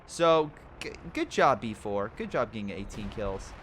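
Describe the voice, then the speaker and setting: A man commentating a strategy game replay, excitable, laughing and giving units joking voices. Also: lowish voice, a little slow. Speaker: game caster. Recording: game noise behind the voice. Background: artillery and gunfire game sounds.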